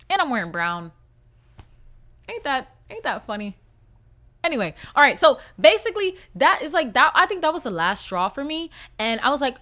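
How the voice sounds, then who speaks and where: A woman in her 20s hosts a casual story-time podcast, her voice sitting a little high. She tells the story bluntly and with profanity, now and then bursting into loud, animated outbursts.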